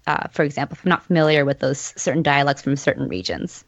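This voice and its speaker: A woman's voice: low voice, fast talker, no echo, highs cut off. A woman speaking in a casual podcast discussion, thoughtful and hedging with fillers. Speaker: podcast guest writer.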